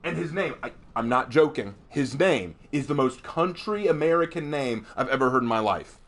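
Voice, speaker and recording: A young man hosting a gaming stream, chatting casually as an animated storyteller who laughs often. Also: mid-range voice, moderate pace. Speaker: streamer, host.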